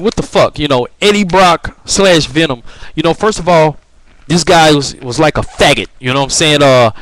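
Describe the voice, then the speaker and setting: A man's voice: a little high, a bit bright, no echo, poor audio. A young man vlogging his opinions in a loose, rambling rant full of fillers and swearing. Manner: rambling, profane, heavy on fillers like "you know, man".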